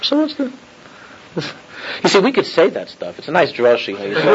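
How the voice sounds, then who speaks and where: A man's voice: on the high side, wildly swooping pitch, fairly quick, pauses often, a loud crowd. A man teaching an informal Torah class as a rabbi, mixing in Hebrew and Yiddish terms, often repeating himself and chuckling. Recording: dull lo-fi recording.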